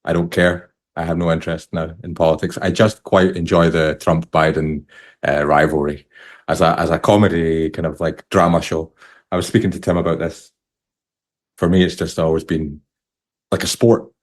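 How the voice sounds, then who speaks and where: A man's voice: low voice, level tone, moderate pace. A man from the United Kingdom hosting a casual podcast interview, rambling and restarting his sentences. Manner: rambling, self-interrupting, chuckles often. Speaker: podcast host.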